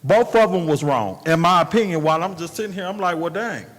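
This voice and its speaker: A man's voice: sits high, animated, quick pace. A man speaking as a city council member in a formal meeting, emphatic, plainspoken and repetitive. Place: council chamber. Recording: reverberant council chamber.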